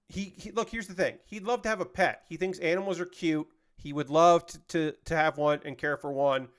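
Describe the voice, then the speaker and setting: A man's voice: medium pitch, clean tone. A man casually chatting with his stream audience while building a model kit, rambling as he works. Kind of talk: casual chat on a livestream.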